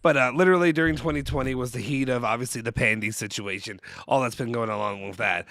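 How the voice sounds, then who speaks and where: A man's voice: mid-range voice, fast, gravelly, fairly bright tone, no room sound, studio quality. A man from Kentucky co-hosting a casual football chat podcast from his home basement, rambling with lots of fillers and restarts, drifting into tangents. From Louisville, Kentucky. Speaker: podcast co-host.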